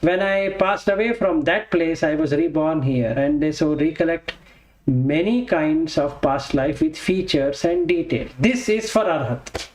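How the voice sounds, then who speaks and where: A man teaching a Buddhist text, explaining slowly with pauses and self-corrections. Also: fairly high pitch, darkish tone, echoey room, rough recording. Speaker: dharma teacher.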